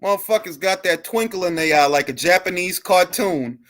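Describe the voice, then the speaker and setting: A man's voice: high voice, normal speed, few pauses, fairly bright tone. A man hosting a boxing talk show, chatting loosely with slang and jokes. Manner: loose, joking, slangy banter. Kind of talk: casual live-stream chat.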